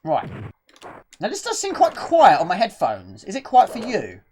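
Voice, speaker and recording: Woman, live game streamer, breathless and rambling, very lively pitch. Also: moderate pace, a little hiss or hum. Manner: chatty, rambling, reads chat questions aloud. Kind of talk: casual gameplay commentary.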